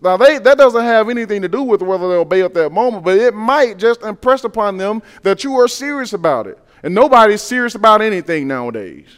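A man preaching a sermon in an earnest, conversational way, dropping to quiet asides and building to loud emphasis. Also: expressive, a little fast, few pauses, clear, resonant tone, long reverb tail. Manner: earnest, swings between soft low asides and loud rising emphasis; conversational, uses everyday scenarios and repeats key phrases.

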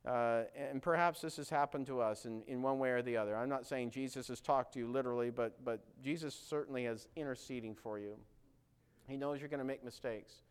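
A man's voice: medium pitch, steady tone, brisk, clear, resonant tone. A man preaching a sermon, earnest and direct, asking his listeners questions and acting out quoted lines with growing force.

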